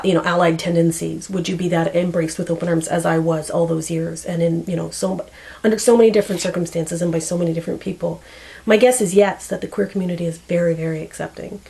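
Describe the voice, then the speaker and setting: Gravelly-voiced woman in her forties. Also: lowish voice, a little mellow, low-quality recording. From Canada. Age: 40s. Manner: rambling, searching for words, many fillers. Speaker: vlogger. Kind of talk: casual chat to camera.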